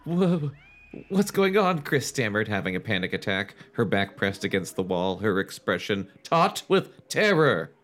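A man's voice: lowish voice, animated, fairly bright tone. A man reading a children's horror book aloud on a podcast. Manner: slow, sing-song reading with acted quotes.

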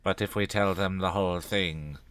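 A man's voice: sits low, steady tone, normal speed, a crowd in the background. A man co-hosting a comedy podcast, reading a novel aloud and often dissolving into laughter. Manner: giggly, breaks into laughter. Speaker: podcast co-host.

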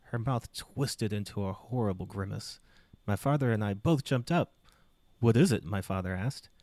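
A man's voice: on the low side, normal speed, darkish tone, no room sound. A man reading a book aloud as a podcast co-host, with playful emphasis. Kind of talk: comic read-aloud.

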